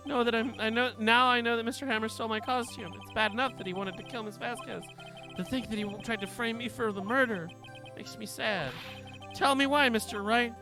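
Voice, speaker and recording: A man voicing a naive, emotional male actor who speaks high and pleadingly. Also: fairly even intonation, a little fast, music in the background. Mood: tearful.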